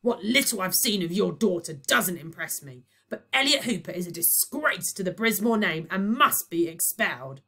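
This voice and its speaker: A woman voicing a loud, pompous male teacher who shouts his words out slowly. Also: on the low side, animated, breathy edge, voice pushed up, heavily acted. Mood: furious. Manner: shouting, drawn-out.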